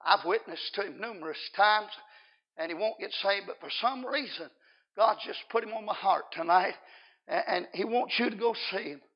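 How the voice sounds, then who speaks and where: Preacher doing a hurried, earnest pastor, high and gravelly. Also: male voice. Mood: urgent. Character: urgent small-town pastor. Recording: dull lo-fi sermon recording.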